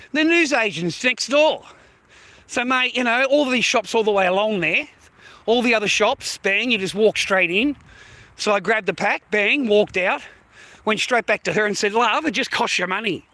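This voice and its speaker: A man's voice: high-pitched, sharp tone, dry recording. An Australian man ranting to his stream viewers in a rambling, sweary, blokey way. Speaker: livestreamer.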